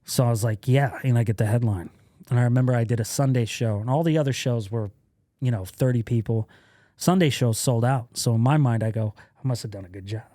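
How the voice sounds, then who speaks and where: Man, comedian guest, casual storytelling, laughs a lot, acts out quotes, mid-pitched, dry close sound. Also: fairly quick, dark tone, no room sound. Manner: laughs often while telling stories, acts out quoted lines.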